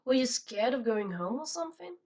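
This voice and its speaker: A woman voicing an awkward, gentle teenage boy who speaks hesitantly, in an audiobook. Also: a little high, sing-song, fairly quick, far from the mic, voice pushed up.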